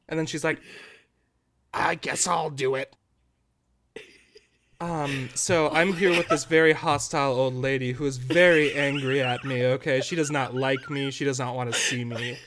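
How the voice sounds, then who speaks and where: A young man, a podcast co-host, telling a story in a casual, animated, dramatic way that keeps breaking into laughter. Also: medium pitch, noisy background.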